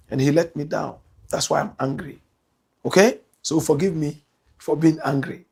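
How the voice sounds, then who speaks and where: Gravelly Ghanaian man reading comments. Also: normal speed. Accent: Ghanaian English. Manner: swings between loud outbursts and low muttered asides. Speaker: talk show host reading viewer comments. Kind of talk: animated commentary.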